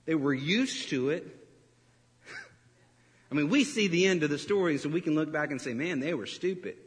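A man preaching a sermon as pastor, animated and storytelling, breaking into laughs and acting out quotes. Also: a little high, normal speed. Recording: reverberant hall.

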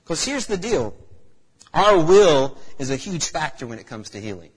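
A man's voice: fairly high pitch, very animated, normal speed. A man preaching a sermon in a church hall, asking the congregation rhetorical questions. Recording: echoey hall reverb.

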